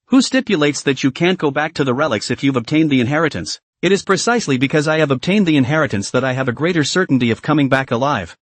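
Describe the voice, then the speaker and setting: A man's voice: on the high side, dry recording. A man reading a lanky, mocking rival. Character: lanky, confident male rival.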